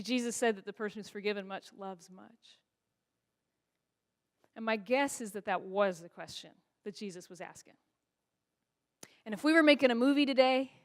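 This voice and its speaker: A woman's voice: fairly high pitch, moderate pace, pauses often. A woman pastor preaching a sermon in a church, asking the congregation rhetorical questions. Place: church sanctuary.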